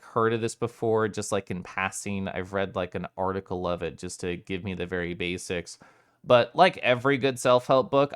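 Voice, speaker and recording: A man's voice: on the low side, a bit bright, clear, resonant tone. A young man streaming live, chatting casually with his chat, reading names aloud and laughing often.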